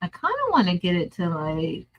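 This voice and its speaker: A woman's voice: fairly low pitch, very animated, normal speed, highs cut off. A woman hosting a crafting livestream, chatting casually and muttering to herself as she works, with frequent laughs. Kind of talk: casual think-aloud crafting stream.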